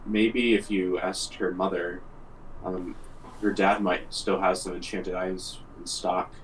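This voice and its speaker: A man's voice: sits low, little pitch movement, measured pace, recorded from a distance, slight background noise, low-quality recording. A man playing a cleric in a tabletop game, talking hesitantly with many fillers. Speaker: player. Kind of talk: casual chat about a tabletop game.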